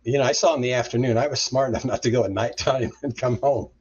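A middle-aged man, a deliverance minister and guest, telling a story with lively acted-out quotes. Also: mid-range voice, fairly quick, breathy edge, dull audio. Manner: animated retelling with acted-out quotes. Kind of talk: storytelling interview.

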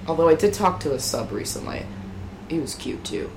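Woman, podcast co-host, candid chat, profane, giggly, echoey living room, loud street noise. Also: low voice, big pitch swings, a little fast, vocal fry. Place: living room in a city apartment.

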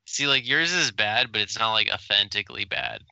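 A man's voice: fairly low pitch, brisk, gravelly, bright, forceful tone, no room sound, low-quality recording. A man who moved to the country as an adult, co-hosting a casual podcast in a laid-back, hesitant way. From abroad, moved to the US. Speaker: podcast co-host. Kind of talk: casual chat.

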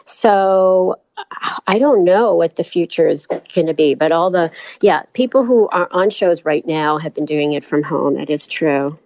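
A woman's voice: lowish voice, a little slow, darkish tone, no room sound, muffled recording. A woman from New York, a voice actress guest, talking casually in an interview with many fillers and restarts.

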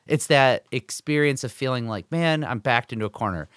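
Rambling conversational man, smooth voice. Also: mid-range voice, animated, moderate pace, fairly bright tone, no echo, studio quality. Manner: rambling, filler-heavy storytelling. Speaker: podcast co-host. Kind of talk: casual chat.

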